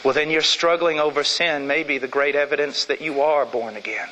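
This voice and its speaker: A middle-aged man delivers a sermon with emphatic force, dropping into hushed intensity before rising again. His voice sits high and sounds bright and sharp. The sound carries a long, ringing church reverb. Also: steady tone, a little fast, a little hiss or hum. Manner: emphatic, dramatic swings between loud and hushed. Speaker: preacher. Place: church sanctuary.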